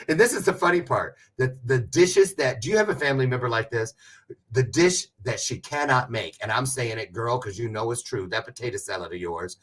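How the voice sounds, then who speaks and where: Man livestream host, chatty and teasing, very animated pitch, mid voice. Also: normal speed, a little hiss or hum. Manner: chatty, joking, rambling with self-aware asides. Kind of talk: casual livestream chat with viewers.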